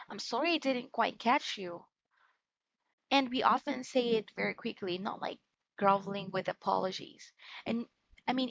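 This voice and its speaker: A woman with a somewhat high voice runs a call center training session and often pauses to ask "right?" or "okay?". The recording is dry and a little dull, with no room sound behind her. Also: gravelly, dry recording. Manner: repeatedly checks in with "right?" and "okay?". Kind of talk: online training lesson.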